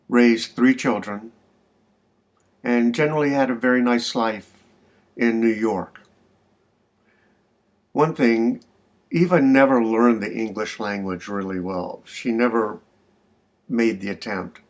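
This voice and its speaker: A man's voice: mid-range voice, slow pace, long pauses. An older man telling a joke in a friendly, folksy way, as a message to a friend. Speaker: joke teller. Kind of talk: casual spoken joke message.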